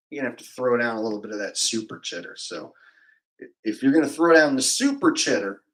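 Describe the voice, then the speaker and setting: A man's voice: medium pitch, fairly bright tone, low-quality recording. A man livestreaming, chatting casually and jokingly with his viewers in a rambling, off-the-cuff way. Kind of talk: casual chat with live viewers.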